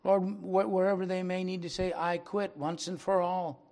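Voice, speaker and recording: An older man preaching a sermon, speaking slowly and earnestly, then leading a prayer. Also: high voice, flat delivery, creaky. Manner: slow and earnest, rising to loud dramatic recitation. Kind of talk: sermon closing with a recited poem and prayer.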